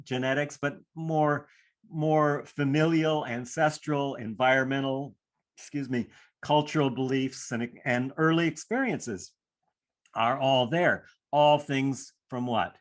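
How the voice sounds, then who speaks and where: Teaching a class on handling stress, a male stress coach speaks slowly at an ordinary middle pitch. His manner is reflective, and he acts out brief inner voices to illustrate his points.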